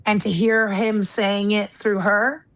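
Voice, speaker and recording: An American woman guest talks in an earnest, measured way. Her voice sits at an ordinary middle pitch, and she speaks candidly about her work as a retired marshal turned investigator. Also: flat delivery, a bit bright, low-quality recording. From United States. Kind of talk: casual interview talk.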